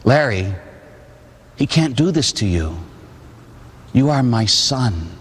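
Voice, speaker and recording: God voice, tender sad father, low and soft, guy doing it, big echoey hall. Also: very animated, slow, slightly rough, heavily acted. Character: God, tender, grieving father speaking softly. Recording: long hall reverb.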